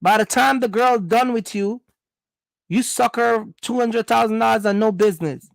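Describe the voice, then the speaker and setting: A man's voice: extremely high pitch, normal speed, gravelly, no echo. A man from Jamaica, giving a blunt, scolding opinion monologue. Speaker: vlogger.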